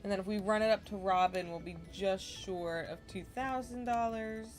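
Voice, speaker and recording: A woman chats casually through a cozy game session, her talk relaxed and easygoing and full of small self-deprecating asides. Her voice sits at an ordinary middle pitch, and soft game music plays faintly behind her. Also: normal speed. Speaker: gaming streamer. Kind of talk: casual gameplay commentary.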